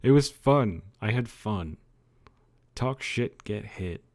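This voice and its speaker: A man's voice: lowish voice, lively intonation, takes it slowly. A man livestreaming from his bedroom, chatting loosely with viewers, rambling, joking and swearing. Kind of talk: casual chat with viewers. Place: own dimly lit bedroom.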